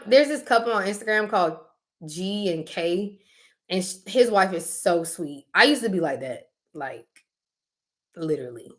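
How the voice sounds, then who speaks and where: A young adult woman co-hosting a casual chat, telling stories animatedly with laughing asides and acted-out quotes. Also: lowish voice. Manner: animated storytelling, acting out quotes; frequent fillers and laughing asides.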